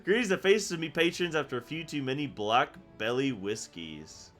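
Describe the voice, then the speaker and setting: A brash old barkeep talks in a rough seafaring dialect, as a man reading game dialogue puts him on. His voice sits at a middling pitch, gruff and hearty, with some faint music in the background. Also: expressive, normal speed, a bit bright, lightly acted. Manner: reads quest text aloud in a put-on rough seafaring dialect.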